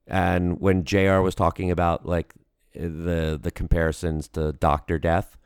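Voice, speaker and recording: Slow, deep gravelly-voiced man. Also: little pitch movement, no echo, studio quality. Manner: rambling, many fillers and restarts. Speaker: podcast co-host. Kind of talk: casual wrestling chat.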